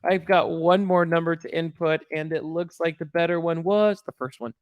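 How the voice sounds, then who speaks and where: Male co-host, loose and rambling, slightly high voice, recorded dry and close. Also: normal speed, smooth, no echo, highs cut off. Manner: rambling, hesitant, self-correcting. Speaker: podcast co-host. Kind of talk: casual chat.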